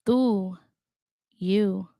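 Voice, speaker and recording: A woman vlogging her language study in casual chat, thinking aloud, talking to her viewers and trying out words carefully and haltingly. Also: medium pitch, warm tone, no echo. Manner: thinks aloud, chatty, talks to viewers as "y'all".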